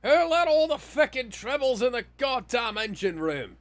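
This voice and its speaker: A man putting on a rough Scottish accent to voice a harried male starship engineer who shouts and swears. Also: very high-pitched, sing-song, normal speed, dry recording, pitched above the performer's own voice. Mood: frantic. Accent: put-on Scottish. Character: frantic male starship engineer with a thick brogue.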